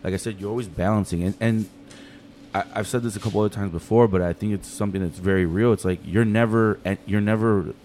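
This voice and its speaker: A man talking casually on a podcast, telling stories in a fast, animated, profane way. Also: on the low side, a little hiss or hum. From United States.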